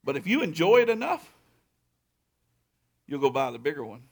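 A man preaching a sermon as pastor, telling a story with loud excited peaks and quiet low stretches. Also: moderate pace, creaky, slightly rough.

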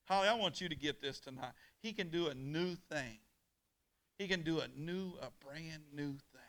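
Male pastor, fairly high and bright, call-and-response sermon, hushed then booming. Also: moderate pace. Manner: call-and-response preaching, swings from hushed to loud. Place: church on a weeknight.

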